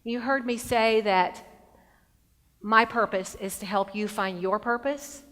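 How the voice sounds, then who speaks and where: A middle-aged woman giving a motivational speech as a keynote speaker, an expressive storyteller who shifts between bright emphasis and hushed moments. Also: fairly high pitch, slow pace. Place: large conference hall. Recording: long hall reverb.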